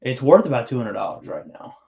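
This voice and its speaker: A man's voice: medium pitch, big pitch swings, brisk, gravelly, darkish tone. A man hosting a livestream, chatting casually and teasing his co-host while building, with rambling talk and frequent restarts. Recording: muffled lo-fi stream audio.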